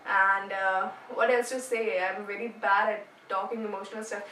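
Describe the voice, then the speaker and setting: A woman's voice: medium pitch, little pitch movement, moderate pace, pushed and bright. A young woman with an Indian accent, chatting playfully to camera as a YouTuber and mixing in Hindi words. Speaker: YouTuber announcing a giveaway winner. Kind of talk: casual vlog talk to camera. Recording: echoey room, camera at a distance.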